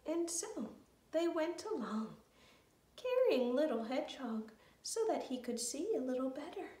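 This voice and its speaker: A woman telling a children's story in a slow, gentle way, with sung refrains. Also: sits high, very animated, reverberant, distant mic.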